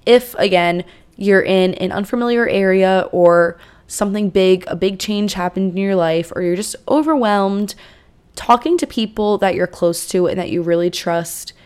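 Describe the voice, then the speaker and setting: A young woman hosting a podcast, giving casual advice in a chatty, conversational way with plenty of fillers and asides. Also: medium pitch. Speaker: podcast host.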